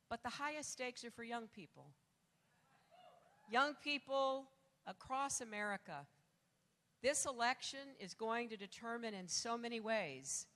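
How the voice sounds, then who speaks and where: Older female candidate, rally speech, bright and forceful, big hall reverb. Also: on the high side. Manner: rousing, rising to shouts on key lines. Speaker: political candidate. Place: large rally venue. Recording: long echo of a large hall.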